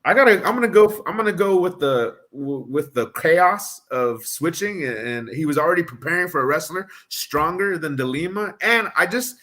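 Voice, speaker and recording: Slightly high and fairly bright, this man's voice is animated and moves at normal speed with barely any pauses. On a fight prediction stream he co-hosts, he rattles off fighter statistics and thinks through his pick in relaxed chat.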